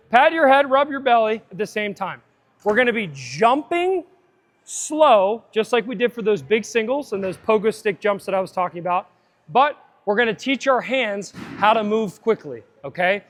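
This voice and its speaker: A man coaching a live fitness seminar, upbeat and chatty, drifting into side tangents. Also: high voice.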